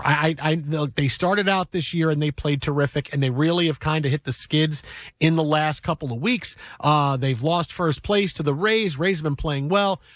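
A man hosting a sports radio show, talking fast in excited bursts and repeating his words, recorded in a studio. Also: fairly high pitch, dry recording. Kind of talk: sports radio talk and storytelling.

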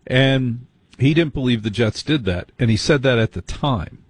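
An American man with a husky, slightly breathy voice talks through a story in a conversational, conspiratorial way. He often breaks off and restarts his sentences. The sound is dry and close, with no room around it. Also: mid-range voice, lively intonation, moderate pace, no echo. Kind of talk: casual conversation.

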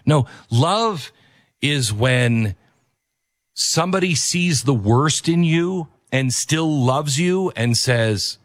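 A male commentary host talks over a video clip in an emphatic, preachy manner and hammers his points home by repeating them. His delivery swings widely up and down in pitch. The sound is dry and close to the mic. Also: expressive, slow pace, dry recording.

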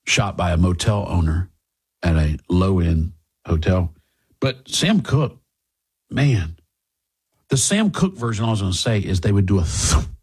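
A man's voice: on the low side, darkish tone, slightly rough. A middle-aged man hosting a talk show, rambling through opinions and asides in a casual monologue with frequent restarts. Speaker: radio talk show host.

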